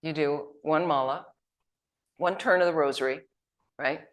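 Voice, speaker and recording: A woman's voice: sits low, unhurried. A woman teaching at a Buddhist retreat, telling anecdotes in a conversational way. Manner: anecdotal, conversational, acts out quotes. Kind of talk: retreat dharma talk.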